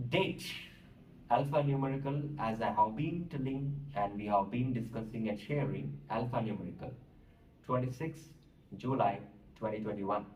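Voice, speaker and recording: A male teacher with an Indian English accent lectures at a very slow, deliberate pace, spelling words out letter by letter as he explains. His voice sits back from the mic in a roomy, echoing space, with a faint hiss underneath. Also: lowish voice, a little mellow, far from the mic. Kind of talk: classroom lecture.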